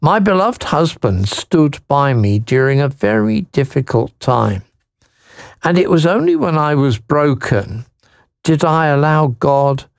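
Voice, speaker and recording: Christian radio guy, slow and gravelly, reads a letter then prays, keeps asking isn't it. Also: mid-range voice, no room sound, studio quality. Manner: gentle, encouraging, leans on tag questions. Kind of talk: pastoral talk, reading a listener's letter and praying.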